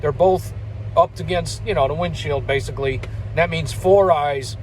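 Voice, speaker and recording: A man's voice: fairly high pitch, normal speed, slight background noise, poor audio. An older man, a truck driver, telling stories in a rambling, folksy way and chuckling between remarks. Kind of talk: casual spoken storytelling.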